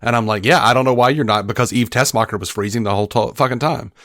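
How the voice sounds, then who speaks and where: A man's voice: mid-range voice, quick pace, no echo, clean studio sound. A man co-hosting a podcast, chatting casually about a movie, swearing freely and acting out lines from scenes. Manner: animated, profane, acts out movie lines. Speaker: podcast co-host. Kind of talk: casual film-review chat.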